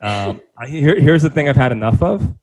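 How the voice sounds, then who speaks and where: A man's voice: medium pitch, animated, moderate pace, darkish tone, poor audio. A young man from the South Bronx, co-hosting a podcast in a sarcastic, ranting chat. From South Bronx, New York. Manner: ranting, sarcastic, mocks slang in put-on voices. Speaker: podcast co-host. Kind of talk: casual comedic chat.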